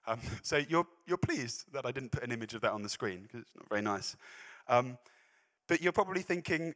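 A man's voice: medium pitch, animated, fairly quick, fairly bright tone. A man preaching a sermon, chatty and self-deprecating, breaking off into laughing asides. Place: church hall. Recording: echoey hall reverb.

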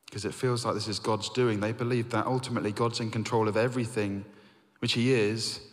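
An earnest man delivers a sermon at a middling pitch, his voice swelling on key points and sinking low and quiet on reflective ones. His words ring out with a long hall reverb behind them. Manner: earnest, rising to emphatic then dropping to hushed. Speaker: preacher.

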